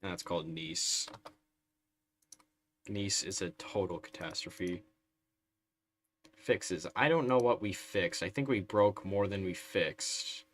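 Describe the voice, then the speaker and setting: A man's voice: low-pitched, takes it slowly, pauses often, a bit bright. A man streaming a strategy game live, chatting through it in a wry, sarcastic way. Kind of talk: live gameplay commentary.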